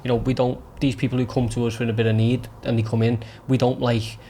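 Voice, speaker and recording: A man hosting a podcast in casual chat, chipping in with quick agreeable remarks. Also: mid-range voice, little pitch movement, dark tone, a little hiss or hum. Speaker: podcast host.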